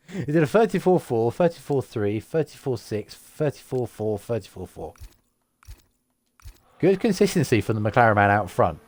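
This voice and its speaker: A tired man from the UK giving lively, chatty live commentary on an online racing league and reading out lap times. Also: mid-range voice, moderate pace, long pauses. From United Kingdom. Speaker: race commentator.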